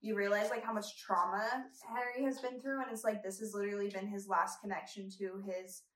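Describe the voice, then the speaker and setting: Bright chatty woman hosting, bit far from the mic, roomy echo. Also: mid-range voice. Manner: animated, many "like" fillers, quick laughs. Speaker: podcast host. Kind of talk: casual chat.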